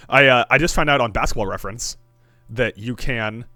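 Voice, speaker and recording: Bright-voiced wry podcast man. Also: mid-range voice, measured pace, no echo. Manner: wry, riffing, swears casually. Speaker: podcast co-host. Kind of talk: casual sports chat.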